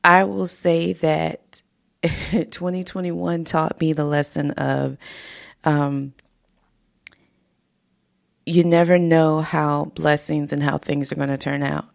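A woman's voice: sits low, level tone, slow pace, vocal fry, pauses often, no room sound, clean studio sound. A woman hosting a podcast, speaking heartfelt and slightly emotional, laughing often as she talks. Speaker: podcast host. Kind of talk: casual motivational podcast talk. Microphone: podcast microphone in a home studio.

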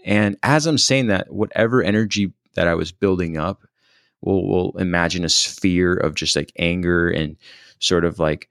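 A man with a very low voice full of gravelly fry talks through a personal story. He is thoughtful and hesitant, often pausing and restarting. The recording is dry and close. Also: a bit bright, no echo. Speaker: storyteller recounting a personal experience.

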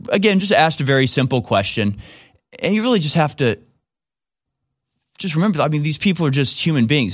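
Male commentator, middle-pitched voice, sarcastic and rambling, reacting to a replayed clip. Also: no echo, clean studio sound. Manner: sarcastic, rambling, repeats himself. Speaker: political commentator.

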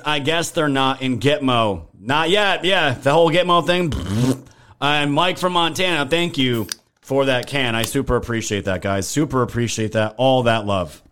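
A man's voice: mid-range voice, a bit bright. A man hosting a political live stream, ranting in a heated, profane way and thanking viewers in chat. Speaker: livestream political commentary host.

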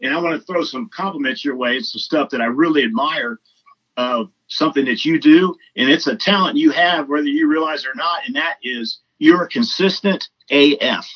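A man's voice: on the high side, expressive, moderate pace, slightly rough, dull audio. A man guest on a podcast, chatting casually and effusively, rambling with lots of fillers. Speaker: comedian. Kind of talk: casual chat.

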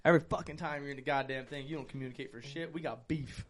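A man in casual podcast chat, profane and animated, acting out voices while he tells gaming stories. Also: mid-range voice, quick pace. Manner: profane, animated storyteller who acts out voices. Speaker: podcast co-host.

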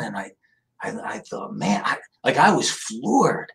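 A middle-aged man from the Philadelphia area, a guest in an interview, telling family stories in a lively, casual way and often checking in with "right?". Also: on the low side, unhurried, vocal fry. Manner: animated storyteller, asks "right?" often. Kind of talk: casual storytelling.

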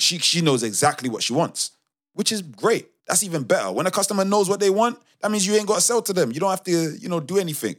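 A young man co-hosting a podcast, telling work stories in a casual, animated, slangy way with many restarts. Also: sits high, quick pace. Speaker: podcast co-host. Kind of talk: casual storytelling chat.

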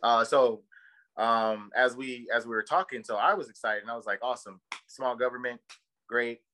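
Male podcast co-host, casual chat; bright, tense tone; rambling, profane, emphatic storyteller. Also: medium pitch, fairly even intonation, moderate pace, poor audio. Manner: heated and emphatic.

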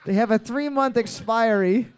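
A man with a high, smooth and resonant voice runs a comedy trivia night. He reads every question twice and fills the gaps with crude, joking banter. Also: moderate pace. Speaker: trivia host.

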